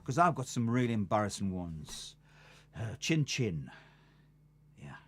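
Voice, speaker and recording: A man's voice: lowish voice, big pitch swings, measured pace, faint music behind. An older man, a musician hosting a live stream, telling rambling stories between songs and laughing at them. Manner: chatty, rambling, laughs at his own stories. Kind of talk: casual storytelling between songs.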